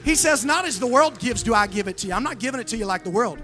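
A woman pastor preaching a fervent sermon, calling on the crowd to answer back, with a sing-song, drawn-out phrasing. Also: fairly high pitch, expressive, fairly bright tone, soft background music. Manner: emphatic preaching with call-and-response.

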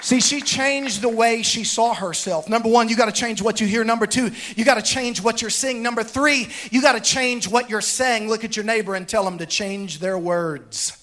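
A man preaching a sermon to a congregation, with rhythmic repetition that builds to fervent shouts. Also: high voice, moderate pace, some chatter behind. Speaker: pastor. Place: church sanctuary with congregation.

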